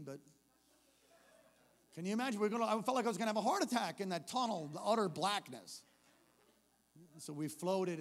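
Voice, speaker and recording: A man preaching a storytelling sermon, his high voice edged with gravelly fry. He swings from hushed, quiet narration up to loud shouts, and the long reverb of a large church hall trails every word. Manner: animated, building from hushed to shouting. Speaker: pastor. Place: church service.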